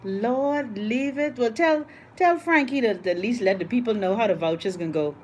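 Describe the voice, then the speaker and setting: A Bahamian woman hosting a live stream from her phone, chatting casually and reading out viewer comments, laughing often and talking in an animated, playful way. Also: a little high, normal speed, slight background noise. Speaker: livestream host.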